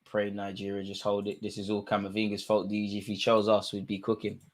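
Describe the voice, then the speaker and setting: A man giving live, slangy watch-along commentary on a football match, jumping from low asides to loud outbursts. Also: a little fast. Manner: excitable, slangy, swings from mutters to shouts.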